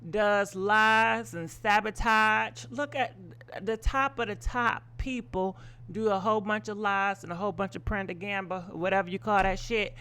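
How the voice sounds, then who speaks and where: This gossip show host has a fairly bright, mid-range voice. Live on her stream, she delivers swear-filled, opinionated commentary that meanders with constant ums and side tangents.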